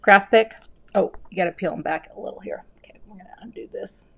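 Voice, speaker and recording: Middle-aged woman host, chatty live crafting demo, rambling and self-deprecating, mid pitch. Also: steady tone, quick pace, gravelly, darkish tone, breathy edge, whispered. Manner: chatty, self-deprecating, talks while working. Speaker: card-making host.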